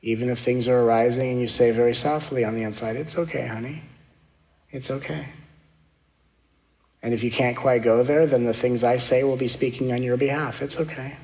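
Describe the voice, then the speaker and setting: A man, a spiritual teacher, leading a guided meditation in a soft, slow, gently reassuring way, repeating affirmations. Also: mid-range voice, level tone. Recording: long hall reverb.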